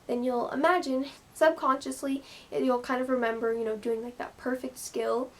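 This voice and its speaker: Woman vlogger, fairly high voice, casual rambling advice. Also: steady tone, normal speed. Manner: chatty, lots of "like" and "you know". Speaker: gymnast vlogger.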